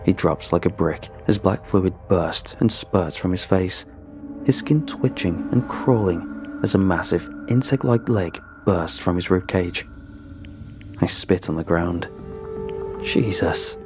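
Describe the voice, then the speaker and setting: A man with a fairly low voice reads a first-person horror story in a measured, grim delivery. Music runs clearly beneath the narration throughout. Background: background music.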